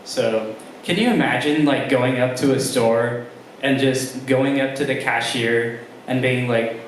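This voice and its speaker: Halting young man doing stand-up. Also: medium pitch, far from the mic, a little hiss or hum. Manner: halting delivery with many ums and restarts. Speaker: stand-up comedian. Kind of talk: stand-up comedy set. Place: comedy club room with a live audience. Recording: very roomy live room sound.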